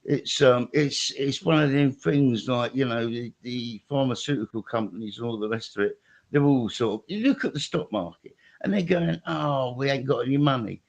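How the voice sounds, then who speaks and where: An older British man with a gravelly edge to his voice. He rambles in casual chat and swears freely, and his pitch swings up and down a lot. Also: animated, moderate pace, highs cut off. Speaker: regular guest.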